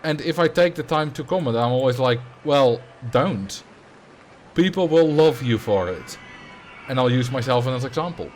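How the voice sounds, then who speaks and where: A man's voice: medium pitch, animated, normal speed, a little mellow, slight background noise. A man with a Dutch accent chatting casually on a livestream while thinking aloud. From Netherlands. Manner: musing, conversational, thinking aloud. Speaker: streamer.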